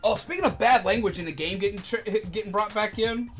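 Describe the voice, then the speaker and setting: A streamer and former game store manager telling stories in casual chat, animated, with loud indignant outbursts. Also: medium pitch, fast, faint music behind.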